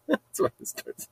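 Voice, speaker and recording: A middle-aged man telling a story in a rambling casual monologue, repeating himself and laughing at his own jokes. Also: dry recording. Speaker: podcast host telling a story.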